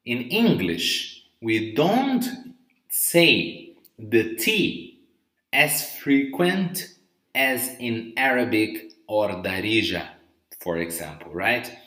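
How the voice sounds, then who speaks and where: Slow, patient male English teacher. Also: on the low side, big pitch swings, a bit bright, echoey room. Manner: slow, patient, often checks with "okay?". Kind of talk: live online vocabulary lesson. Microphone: live stream mic.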